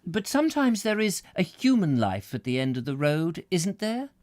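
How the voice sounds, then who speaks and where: An elderly woman full of breathless admiration, as a male reader puts her on. Her voice sits high and swoops with feeling as she presses her point emphatically. The sound is close and dry, with no room around it. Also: very animated, moderate pace, a little mellow, dry recording. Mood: eager. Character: elderly country woman, eager, admiring, fond of spirits.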